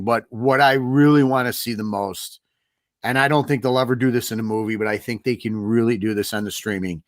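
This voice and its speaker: A man's voice: mid-range voice, dry recording, clean studio sound. A man co-hosting a casual livestream chat, talking loosely and repeating himself as he thinks. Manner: relaxed, rambling, repeats words. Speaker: co-host.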